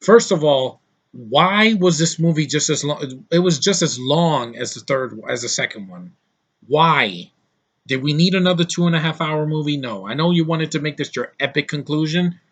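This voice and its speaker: A man's voice: mid-range voice, sharp tone. A man giving an exasperated, sarcastic film review, rambling and restarting as he complains. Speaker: movie reviewer. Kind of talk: ranting film review vlog.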